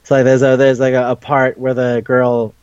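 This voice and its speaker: A man's voice: mid-range voice, monotone, moderate pace, a little mellow, clean tone, no room sound, lo-fi sound. A man casually retelling a cartoon episode, swearing, laughing and jumping into the characters' voices. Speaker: podcast host. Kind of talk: casual recap chat.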